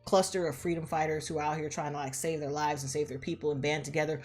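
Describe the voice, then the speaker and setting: Animated, profane woman retelling a movie. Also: deep voice, quick pace, faint music behind. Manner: animated, slangy and profane, acts out characters. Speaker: movie recap vlogger.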